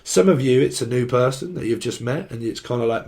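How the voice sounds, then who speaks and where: A man's voice: mid-range voice, a little fast, vocal fry, a little mellow. A man giving a loose, joking tarot reading, playful and crude, drifting into silly asides. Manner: playful, crude, jumps into silly put-on voices and bits. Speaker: tarot reader.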